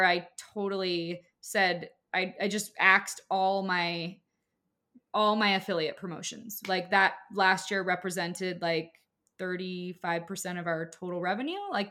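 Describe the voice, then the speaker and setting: This is a businesswoman and course creator in her thirties, unhurried and steady, with a fairly low pitch and a sharp tone. On a laid-back podcast she talks emphatically and chattily, dropping "like" and fillers constantly.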